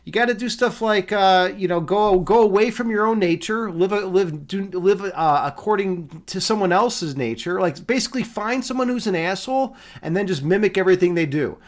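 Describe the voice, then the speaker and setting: A man's voice: high-pitched, animated, moderate pace, few pauses. A young man from Chicago hosting a live stream, chatting casually with many fillers and repeated words. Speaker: streamer host.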